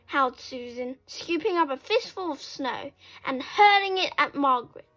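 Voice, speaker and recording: A woman reading a children's story aloud, expressive and lively, acting out sound effects. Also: sits high, unhurried, soft background music.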